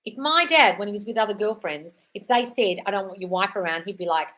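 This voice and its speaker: A woman's voice: medium pitch, expressive, brisk, few pauses, a bit bright, low-quality recording. A woman in her thirties hosting a live Q&A, reading viewer comments and answering in a blunt, sweary way, calling people "darling". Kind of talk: casual live Q&A chat.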